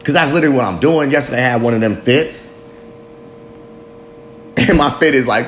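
A man's voice: mid-range voice, fairly quick, long pauses, fairly bright tone, a little hiss or hum. A man in his late thirties talking candidly to the camera in a rambling, self-mocking, heavily profane confessional monologue. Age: 30s.

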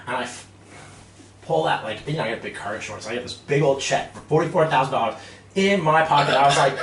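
A man in his thirties telling a lively story about his army days, acting out quotes and laughing often. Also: mid-range voice, a little fast. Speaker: guest, army veteran turned real estate investor. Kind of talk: casual storytelling interview. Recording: roomy, distant mic with faint noise.

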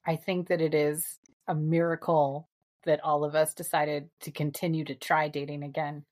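Low-voiced woman host, wry. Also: little pitch movement, moderate pace, darkish tone. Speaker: podcast host. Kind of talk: casual chat.

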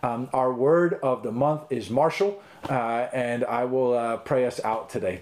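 A man's voice: mid-range voice, a little slow, darkish tone. A middle-aged man teaching as a pastor in a recorded online talk, earnest and conversational, with frequent ums and restarts.

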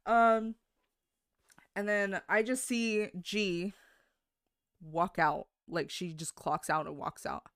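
Smooth-voiced rambling storyteller, dry sound. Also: medium pitch, steady tone, takes it slowly, long pauses, fairly bright tone, no room sound. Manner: rambling, many fillers and self-corrections; swears casually. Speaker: podcast co-host. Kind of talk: casual storytelling.

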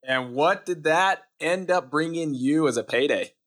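A man's voice: a little high, unhurried. Upbeat male podcast host. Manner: energetic, hyping up the guest. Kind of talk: podcast interview.

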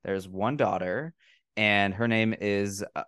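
A man hosting a podcast, chatting casually about a film and retelling scenes in a profane, animated way. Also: lowish voice, takes it slowly, smooth, no room sound, clean studio sound. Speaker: podcast host. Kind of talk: casual film review chat.

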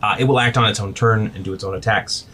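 A man with a fairly low voice runs a tabletop game as game master. He narrates haltingly and pads his scene-setting with fillers. A faint hiss sits under the recording. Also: steady tone. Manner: halting, filler-heavy narration with soft asides.

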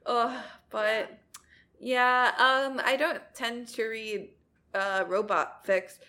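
A woman with a higher voice co-hosting a casual podcast. She is playful and theatrical, quick to laugh and to play up small outrages. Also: bright, forceful tone. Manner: playful, dramatic, laughs often. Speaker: podcast co-host. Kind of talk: casual chat.

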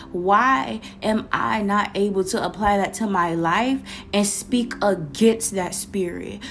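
A woman from Florida with a Florida accent, giving a casual, animated faith talk to camera, slangy and quoting scripture. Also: mid-range voice. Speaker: Christian vlogger.

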